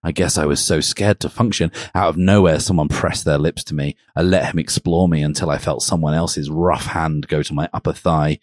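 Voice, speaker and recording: Low-voiced man reading fan fiction aloud. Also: steady tone, normal speed, few pauses, no room sound, studio quality. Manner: mock-serious storytelling, breaks into laughter. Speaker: podcast co-host.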